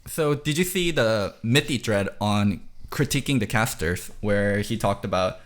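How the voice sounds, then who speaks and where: A man's voice: lowish voice, expressive, a little slow. A man hosting a casual esports podcast, talking reflectively and filling his talk with "like". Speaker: podcast host, content creator.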